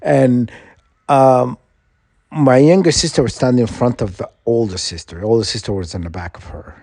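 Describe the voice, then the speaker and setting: A man's voice: mid-range voice, moderate pace, gravelly, mellow, no echo, clean studio sound. A middle-aged man vlogging, telling a long story in a meandering, self-correcting way, getting indignant and laughing at his own tale. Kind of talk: rambling casual storytelling.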